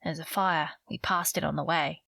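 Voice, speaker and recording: A woman voicing a smooth, menacing male gang leader in an audiobook. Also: on the high side, fairly even intonation, moderate pace, bright, forceful tone, no echo, exaggerated voice.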